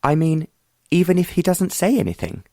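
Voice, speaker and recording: A man voicing an earnest, gentle young woman, raising his pitch for her questioning, cautious lines. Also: sing-song, normal speed, vocal fry, dry recording, studio quality, exaggerated voice. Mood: curious.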